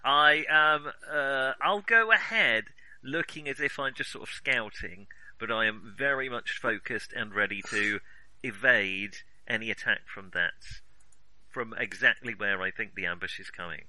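A man's voice: mid-range voice, measured pace, no echo, rough recording. A man playing his character in a tabletop game, joking around and describing his moves. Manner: playful, lively. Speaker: player. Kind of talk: casual tabletop play.

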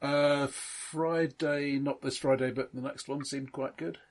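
A man running a tabletop game, narrating the scene in a halting way that thinks aloud. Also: medium pitch, fairly even intonation. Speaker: game master.

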